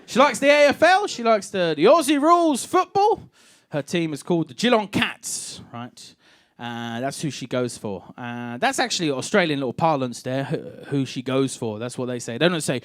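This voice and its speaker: A man's voice: a little high, big pitch swings, moderate pace, fairly bright tone. A young Scottish man doing a stand-up comedy set on a club stage, sardonic and punchy.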